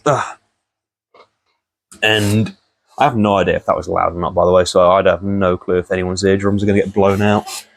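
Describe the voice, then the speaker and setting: A man's voice: low voice, fairly even intonation, normal speed, gravelly, long pauses. A young man rambling casually through a profane commentary vlog, often laughing at the story.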